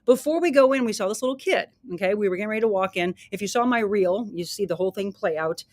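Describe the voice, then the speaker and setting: A woman's voice: medium pitch, fast, no echo. A woman hosting her own podcast, telling a story in a chatty, casual way with asides to her listeners. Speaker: podcast host.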